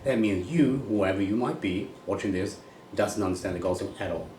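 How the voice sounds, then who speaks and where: Fairly quick and darkish in tone, a low-pitched Swedish golf coach with a Swedish accent speaks his mind in a blunt, rambling monologue, casually swearing. The distant mic captures an echoey room humming faintly with ambient noise.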